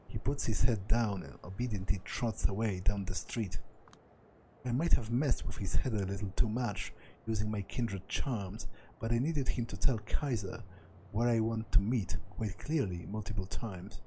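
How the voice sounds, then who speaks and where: A man's voice: fairly low pitch, moderate pace, warm tone, a little hiss or hum, low-quality recording. A man reading a visual novel aloud as a let's play narrator, doing every part in his own voice and stumbling over words now and then. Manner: reads every part in his own voice, with small slips and restarts.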